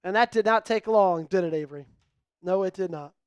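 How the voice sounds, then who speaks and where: Man, fan stream play-by-play, excitable, begging viewers, faint music underneath. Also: sits high, fairly quick, smooth, dry recording, muffled recording. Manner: hyped, pleading with viewers, shouts at big plays. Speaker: fan livestream play-by-play host. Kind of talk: excitable live play-by-play commentary.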